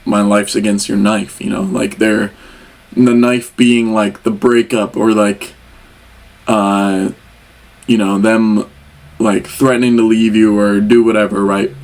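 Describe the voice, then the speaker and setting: A young man, a music reaction host, reacts to an album in casual chat, rambling and calling the artist "brother" directly. He speaks a little slow in a fairly low, darkish voice with a level tone.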